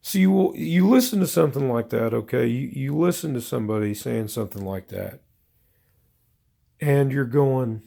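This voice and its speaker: A man's voice: mid-range voice, moderate pace, gravelly, mellow. A man delivering a profane, exasperated, rambling comedic rant to his viewers. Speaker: vlogger.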